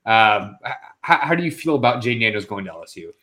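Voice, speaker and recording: A man's voice: on the low side, sing-song, fast, pushed and bright. Hesitant man co-hosting a podcast. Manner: hesitant, self-deprecating, with many fillers and restarts. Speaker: podcast co-host. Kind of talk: casual sports podcast chat.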